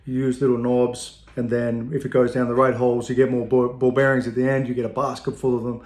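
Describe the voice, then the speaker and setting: A man in the middle of his pitch range tells a long personal anecdote in an easy, wandering way, swearing now and then and chuckling at his own story. His voice rings off the walls of an echoey room. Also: level tone, fairly quick, a little mellow. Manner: rambling, loose and profane, laughing at his own tale.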